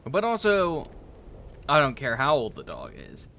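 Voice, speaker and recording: A man hosting a let's play, rambling through casual gameplay commentary with animated, profane storytelling. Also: a little high, measured pace, vocal fry, a little hiss or hum.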